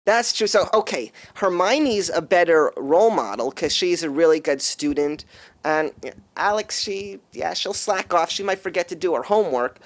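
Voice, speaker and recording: A man's voice: sits high, expressive, moderate pace, dry recording. A man being interviewed as an actor guest, answering in an eager, chatty, rambling way.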